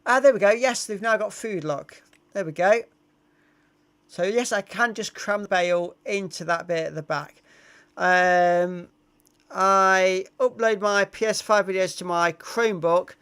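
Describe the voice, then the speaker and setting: A man's voice: high voice, steady tone, a little slow, a bit bright, smooth. A middle-aged English man chatting casually on a live stream, reading out viewer comments with frequent ums and uhs. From England.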